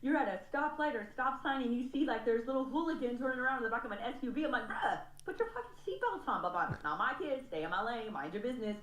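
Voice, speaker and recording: A woman's voice: on the high side, racing, few pauses, fairly bright tone, roomy sound, rough recording. A woman in her thirties from California, on a video call, telling a story with lots of laughing and swearing. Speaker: group participant sharing. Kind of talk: casual group video call share.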